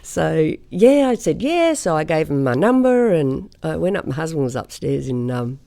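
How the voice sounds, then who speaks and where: A woman's voice: low voice, sing-song, creaky, mellow. A middle-aged woman from Australia, a singer telling stories in a casual interview and laughing easily. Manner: chatty storyteller, quick to laugh.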